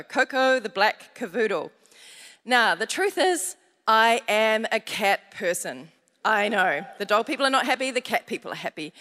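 A woman's voice: high voice, bright, forceful tone. A woman pastor with an Australian accent preaches a sermon, mixing scripture with funny stories from family life and calling out to the congregation. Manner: humorous storytelling with audience call-outs. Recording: long hall reverb.

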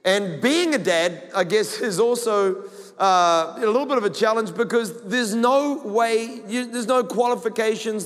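A man's voice: sits high, a bit bright, long reverb tail. A man with a New Zealand accent preaching a sermon as pastor, talking in a conversational, humorous storytelling way.

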